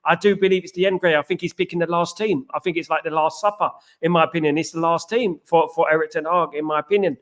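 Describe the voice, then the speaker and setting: Male stream host, rambling fan chat, slightly high voice, repeats himself, quizzes viewers. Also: fairly even intonation, quick pace, hardly any pauses. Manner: rambling, repetitive, asks viewers questions. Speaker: host of a football watchalong. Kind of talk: live stream watchalong chat.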